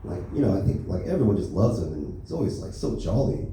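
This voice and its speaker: A young man doing a stand-up set at an open mic, delivering deadpan one-liners with lots of filler words. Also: lowish voice, quick pace. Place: comedy club stage. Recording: echoey club, distant mic, faint noise.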